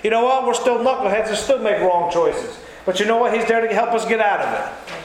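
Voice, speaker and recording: A man preaching a sermon in a folksy, conversational way with quick asides. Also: high voice, animated. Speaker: pastor. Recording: very echoey church hall, faint room noise.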